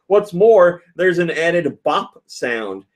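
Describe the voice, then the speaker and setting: A man's voice: a little high, big pitch swings, takes it slowly. A man hosting a casual podcast, reading listener comments aloud and laughing often. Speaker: podcast host.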